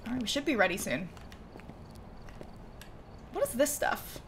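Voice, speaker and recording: A woman's voice: on the high side, sing-song, unhurried, vocal fry, background noise. A woman streamer chatting playfully with friends while gaming, laughing often. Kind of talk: casual chat while gaming.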